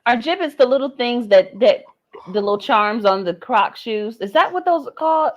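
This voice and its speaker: A woman's voice: a little high, expressive, moderate pace, muffled recording. A woman comedian guesting on a podcast in casual chat, laid-back and amused.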